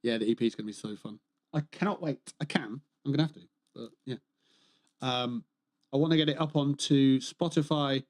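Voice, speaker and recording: A man's voice: medium pitch, fairly quick. A man on a gaming livestream, chatting casually, rambling and joking, swearing freely. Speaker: streamer.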